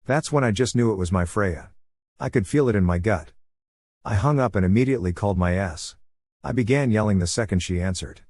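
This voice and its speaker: A man narrates a first-person story in a low, steady voice. His delivery is even and measured. The sound is dry and close, with no room around it. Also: dry recording. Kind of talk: reading a Reddit story aloud.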